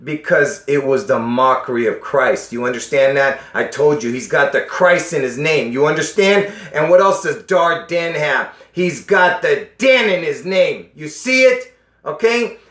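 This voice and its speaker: A man's voice: a little high, normal speed, a bit bright. A man talking casually to his viewers in an insistent way, often asking if they understand, with a strained, coughing voice. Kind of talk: casual monologue addressing viewers. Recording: echoey room.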